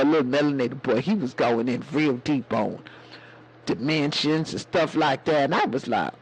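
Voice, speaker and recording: Sassy, husky-voiced man livestreaming. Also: on the high side, expressive, moderate pace, rough recording. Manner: sassy, calls viewers baby and honey. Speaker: livestream host. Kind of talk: casual livestream chat.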